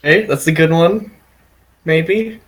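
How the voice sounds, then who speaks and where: A man's voice: a little high, slow. A man playing a tabletop game, playful and laughing often, on a noisy home mic. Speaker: player. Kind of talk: casual tabletop gaming chat.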